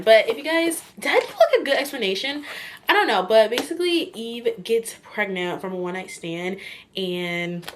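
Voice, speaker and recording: There's slight background noise behind this woman's fairly high, somewhat bright voice. She gushes openly about a book she's reading in a casual vlog chat, rambling and filling her sentences with "like" and "kinda."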